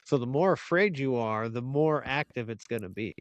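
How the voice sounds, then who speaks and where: A man's voice: medium pitch, lively intonation, moderate pace, no room sound, muffled recording. A male podcast host chatting casually in a laid-back way, swearing now and then.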